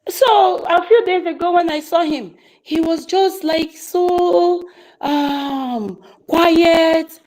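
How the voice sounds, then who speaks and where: A woman's voice: very high voice, slow, a little mellow, low-quality recording. A woman speaking on a call, telling a story with passion, often repeating herself and restarting sentences. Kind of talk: casual testimony on a live call.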